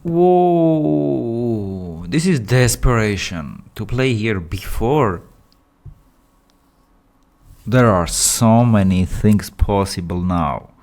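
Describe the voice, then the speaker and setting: A man with phrasing giving excitable, animated live commentary on a chess game. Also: on the low side, takes it slowly, pauses often. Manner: animated, excitable, with non-native English phrasing.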